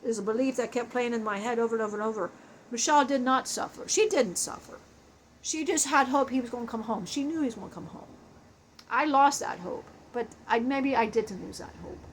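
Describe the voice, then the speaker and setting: A woman telling an emotional spiritual life story in a halting way, often breaking off and restarting her sentences. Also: a little high, slight background noise, low-quality recording. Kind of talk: channeled personal storytelling.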